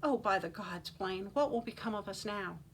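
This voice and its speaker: A woman's voice: medium pitch, lively intonation, moderate pace, a little hiss or hum, close to an everyday voice. A woman reading an audiobook voices an anxious, tearful aunt who pleads in raised cries. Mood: pleading.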